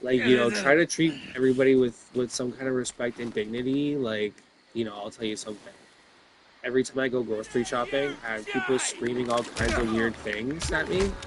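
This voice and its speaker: A man's voice: mid-range voice, a little fast, noisy background. Rambling man venting. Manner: rambling, filler-heavy, swears when worked up. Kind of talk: rambling personal talk.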